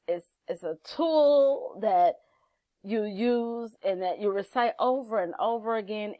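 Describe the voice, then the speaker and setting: A woman hosting a motivational channel, talking casually to camera, chatty and animated, acting out little quotes as she teaches. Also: mid-range voice, dry recording. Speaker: channel host, life coach.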